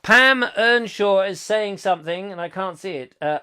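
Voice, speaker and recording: A man's voice: a little high, lively intonation, unhurried, bright, forceful tone, clear, resonant tone. Playful rambling male chat show host. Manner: rambling, playful, self-mocking, trails off into humming. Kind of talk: comic live chat, reading viewer comments.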